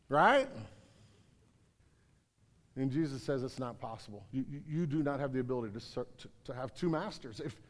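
High-voiced man preaching in a reverberant hall. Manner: earnest, repeats words, rises to emphatic then drops low. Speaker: pastor. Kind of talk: sermon. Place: large room with congregation.

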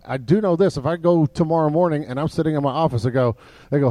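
A man with a high-pitched voice delivers a sermon from the pulpit, chatty and full of fillers and restarts. He sometimes drops to a soft, low voice for emphasis. The sound is dry and close. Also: fast talker, no room sound. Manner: conversational preaching with many fillers and restarts. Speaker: pastor.

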